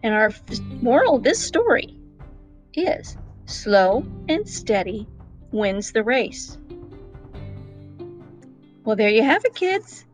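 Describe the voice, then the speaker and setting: A woman reading a storybook aloud to children in a playful, expressive way. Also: a little high, takes it slowly, long pauses, faint music behind, poor audio.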